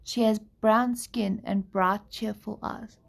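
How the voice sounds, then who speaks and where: A woman's voice: medium pitch, steady tone, slow, vocal fry. A tired young woman reading a novel aloud on a live stream, breaking off now and then to chat and apologize. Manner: apologetic, laid-back. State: tired, yawning. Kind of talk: live book reading with chatty asides.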